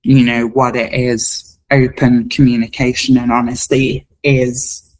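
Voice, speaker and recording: A woman comedian speaks as a radio guest in an unhurried voice. She sounds earnest when she explains her act and good-humoured when she plays along with the quiz. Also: very deep voice, flat delivery, a little mellow, low-quality recording. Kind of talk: radio interview.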